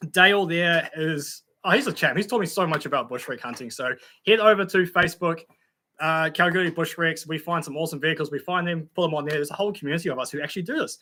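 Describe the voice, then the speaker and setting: A man's voice: a little high, pushed and bright. A young Australian man hosting a casual live stream, chatting in a friendly way with many fillers and greeting viewers by name. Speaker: YouTube channel host reading live chat.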